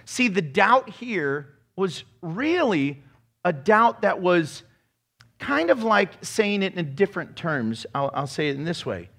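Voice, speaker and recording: A male pastor preaching a sermon in an animated way, acting out voices and mocking impressions. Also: high voice, slow, creaky.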